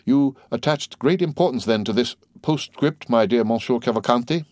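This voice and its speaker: A man's voice: mid-range voice, darkish tone, no echo, voice pushed up, lightly acted. A man doing a suave courteous count. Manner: smooth, courteous, measured. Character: suave, courteous nobleman count, composed and knowing.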